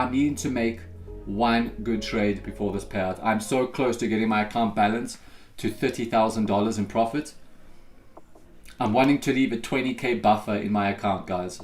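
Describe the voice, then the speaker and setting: A man hosting a live futures day-trading stream, chatting casually to viewers as he talks through his trades. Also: lowish voice. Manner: relaxed, chatty, addresses viewers as guys.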